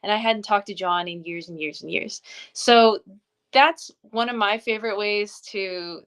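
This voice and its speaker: A woman's voice: medium pitch, measured pace, a bit bright, clear, resonant tone. A woman in her thirties giving an earnest, encouraging coaching talk on a livestream.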